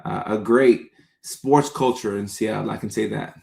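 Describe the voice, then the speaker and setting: A man hosting a live stream, chatting casually with viewers and reading their comments aloud, relaxed and laughing often. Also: lowish voice, normal speed, gravelly, echoey room.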